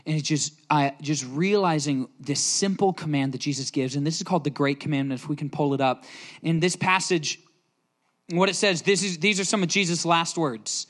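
A man's voice: on the high side, normal speed, fairly bright tone. A young man preaching as a youth pastor, telling a personal story earnestly and emotionally, with many restarts. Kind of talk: sermon.

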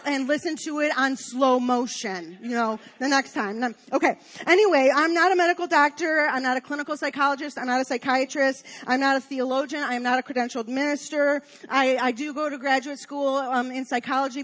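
A woman speaking to a church congregation as a lay teacher rather than a minister. She rushes through her points at speed, her voice sitting high, and stumbles often into fillers and restarts. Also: fairly bright tone. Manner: fast-talking, with many fillers and restarts.

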